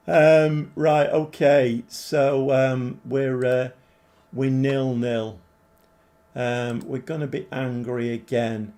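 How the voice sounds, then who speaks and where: Slow, rambling man in his seventies. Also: medium pitch, little pitch movement, warm tone. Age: 70s. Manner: rambling, chatty, thinks aloud, answers viewers. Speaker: gaming livestreamer. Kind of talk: live game commentary and chat.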